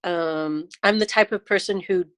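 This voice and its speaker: A woman's voice: on the low side, measured pace, no room sound. A woman on a group video call, asking a question hesitantly. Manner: hesitant, lots of fillers and restarts.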